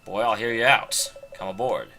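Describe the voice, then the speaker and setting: A man voicing a gruff, boastful male sky pirate captain in a video game, with swaggering, theatrical pirate talk. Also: fairly low pitch, normal speed, bright, forceful tone. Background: game music.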